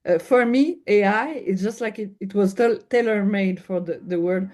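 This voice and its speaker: A woman with a Québécois French accent, a native French speaker, talking as an interview guest. She pauses to search for words and restarts her sentences. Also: mid-range voice, darkish tone, faint music behind. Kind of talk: interview conversation.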